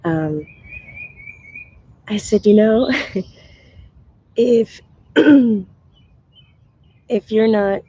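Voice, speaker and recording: A woman's voice: mid-range voice, drawn-out words, long pauses, dark tone, no echo, highs cut off. A woman hosting a live stream as a spiritual medium, chatting casually with viewers, sounding tired in her morning voice and laughing often.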